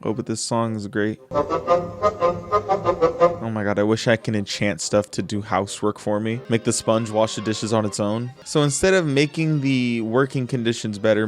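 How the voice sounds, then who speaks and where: A man hosting a casual movie reaction, joking and laughing, recorded close to a studio mic. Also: on the low side. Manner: animated, joking, lots of laughs. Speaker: reaction video host.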